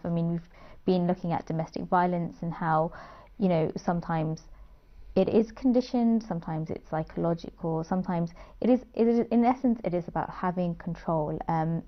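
A woman hosting a discussion show, talking in a thoughtful, measured way with many fillers. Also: fairly low pitch. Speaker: talk show host. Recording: slightly dull lo-fi sound.

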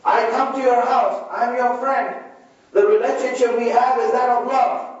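A man's voice: extremely high pitch, fairly even intonation, moderate pace. A man preaching a sermon to his listeners, repeating key lines and asking them rhetorical questions. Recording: echoey, distant, dull lo-fi hall recording.

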